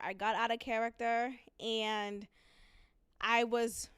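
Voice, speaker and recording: A young adult woman hosting her own podcast, talking casually and candidly, breaking into loud laughter when amused. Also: fairly high pitch, clear, resonant tone, no echo, studio quality. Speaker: podcast host. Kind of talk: casual solo commentary.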